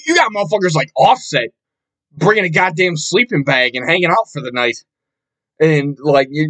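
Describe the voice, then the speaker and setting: A young man hosting a casual solo podcast, ranting with a lot of profanity and an exasperated tone, and jumping up into shouts. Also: on the high side, rough recording. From Buffalo, New York area. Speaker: podcast host.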